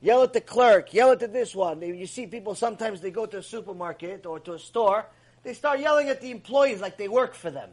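A man giving an animated, emphatic ethics lecture as a Torah teacher. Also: high voice, a little fast.

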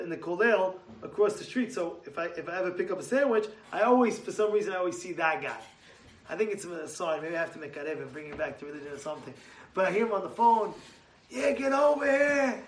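A man giving a casual Torah talk to a congregation, telling stories and acting out quotes with a raised voice. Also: sits high. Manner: animated, acts out quotes with raised voice. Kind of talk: casual sermon with storytelling. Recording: echoey room from far off.

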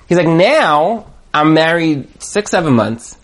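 A man telling a story in a lively, casual way, acting out the voices of the people in it. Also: a little high, takes it slowly, hardly any pauses. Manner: lively, acts out dialogue voices. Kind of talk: animated storytelling.

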